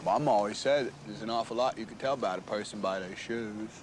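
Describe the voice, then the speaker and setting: An actor playing a simple, earnest grown man who tells his life story gently and plainly. He speaks slowly and in a plain way. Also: lowish voice, noisy background, natural voice. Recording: film audio with loud music beneath.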